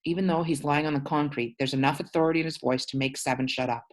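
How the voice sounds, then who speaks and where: Woman teacher, very deep voice, reads a novel aloud and explains words as she goes. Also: steady tone, fast talker. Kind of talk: reading a novel aloud to a class.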